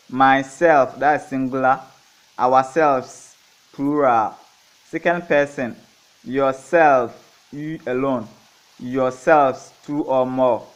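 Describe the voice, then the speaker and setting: A man teaching a grammar lesson, going slowly through examples, repeating each one and asking and answering his own questions. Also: a little high, fairly bright tone, clean tone. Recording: dull lo-fi recording.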